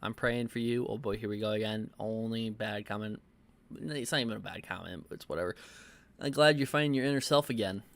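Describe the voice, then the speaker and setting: A man giving reaction commentary and reading viewer comments, halting often with fillers and stuttered restarts. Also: lowish voice, creaky, fairly bright tone. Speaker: commentary YouTuber.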